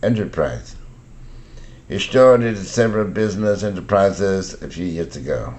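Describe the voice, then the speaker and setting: Older man slowly reading English word lists. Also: sits low, animated, a little mellow. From Taiwan. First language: Mandarin. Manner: slow, deliberate word-by-word reading. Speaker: English pronunciation teacher. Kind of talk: reading vocabulary words and example sentences.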